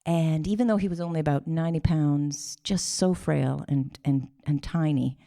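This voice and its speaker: A woman tells a personal story on stage. Her voice sits fairly low for a woman. She is animated and emotional and acts out the other people's voices. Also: normal speed, gravelly.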